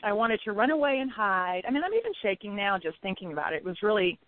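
A woman's voice: medium pitch, big pitch swings, quick pace, no room sound. A woman telling a personal story casually, laughing often and acting out her own reactions. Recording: tinny phone-line sound.

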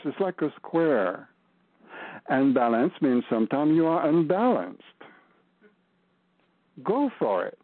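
A man channeling a loving male ascended-master spirit, speaking slowly and emphatically with a put-on French accent over a tinny call line. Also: fairly high pitch, exaggerated voice. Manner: earnest, urging, slow and emphatic. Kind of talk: channeling session.

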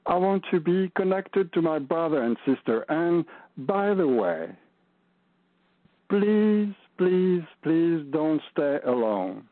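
A man channeling a loving male ascended-master spirit, speaking slowly and emphatically with a put-on French accent over a tinny call line. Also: on the high side, big pitch swings, no room sound. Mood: urging. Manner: earnest, urging, slow and emphatic. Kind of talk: channeling session.

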